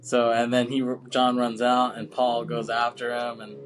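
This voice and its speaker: A man's voice: mid-range voice, monotone, measured pace, soft background music. A man co-hosting a film podcast, chatting casually, laughing often, swearing freely and saying "you know what I'm saying" a lot. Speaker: podcast co-host.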